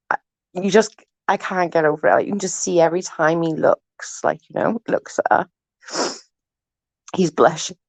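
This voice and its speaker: A woman with a fairly low voice chats casually with her viewers. She giggles constantly and swears without a second thought. The sound is dry and close, with no room around it. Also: darkish tone, no room sound, rough recording. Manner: giggly, laughs often, swears freely.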